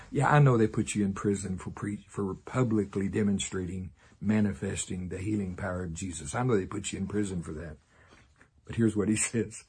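A man's voice: lowish voice, darkish tone, slight background noise. A man preaching a sermon, laughing often and making sarcastic asides. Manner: sarcastic, laughing, acts out voices.

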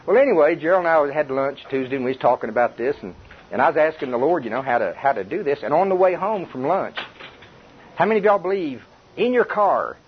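A man's voice: a little high, lively intonation, fast. An older man preaching a chuckling, conversational sermon to a congregation. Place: church before a congregation. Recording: dull lo-fi tape with faint hiss.

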